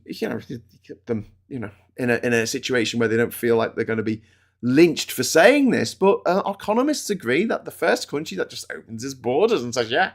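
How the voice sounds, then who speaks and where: A middle-aged British man hosting a political livestream, ranting with swearing and swings between loud outbursts and low muttering. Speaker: political commentator host.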